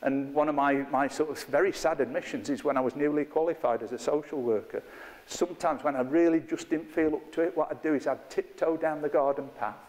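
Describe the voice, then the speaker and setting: A man's voice: on the high side, brisk, a little mellow, big-room sound. A middle-aged man, leading an interactive workshop with a live group in a chatty, playful, self-mocking way. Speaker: workshop trainer. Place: training room with a live group.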